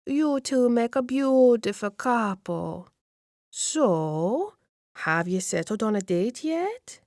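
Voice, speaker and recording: Woman voicing a chatty older lady, doting, gushing, lilting, raised pitch, dry close sound. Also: very animated, slow, a little mellow, no room sound, heavily acted.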